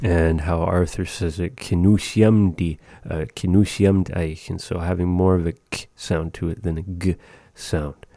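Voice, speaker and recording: A man teaching words of a language in a relaxed, chatty way, repeating each word slowly. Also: sits low, creaky, no room sound, clean studio sound. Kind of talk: casual language lesson.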